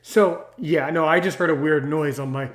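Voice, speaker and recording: A man's voice: on the high side, fairly even intonation, moderate pace. A man appearing as a podcast guest, chatting casually and rambling as he corrects himself. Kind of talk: casual chat.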